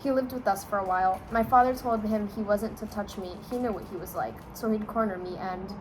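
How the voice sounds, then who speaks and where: A woman's voice: mid-range voice, brisk, close to an everyday voice. A woman reading as a young wizard lad. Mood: hushed. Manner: plain read-aloud voice. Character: young male wizard confiding a dark secret. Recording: steady background noise.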